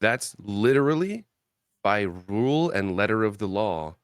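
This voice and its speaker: Lively low-voiced man player. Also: unhurried, clean tone, no echo, studio quality. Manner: explaining rules loosely. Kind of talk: casual tabletop play.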